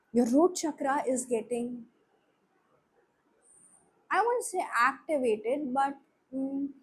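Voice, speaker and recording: A young Indian-accented woman speaks to her viewers in an earnest, reassuring way, slipping between English and Hindi as she gives a spiritual reading. Her voice sits fairly high, with a faint hiss of noise in the background. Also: darkish tone, poor audio. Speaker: tarot reader.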